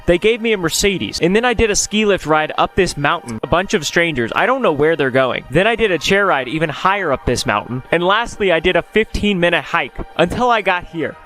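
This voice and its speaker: A young man talks through a travel vlog, excitable and quick to poke fun at himself. His voice sits fairly high. Faint music plays underneath. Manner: excitable, self-mocking. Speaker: travel vlogger. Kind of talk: casual vlog narration.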